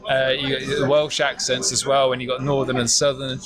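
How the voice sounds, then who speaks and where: A man from the UK chatting casually, relaxed and repeating words as he goes. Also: mid-range voice, a little fast. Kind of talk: casual chat. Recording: crowd chatter behind.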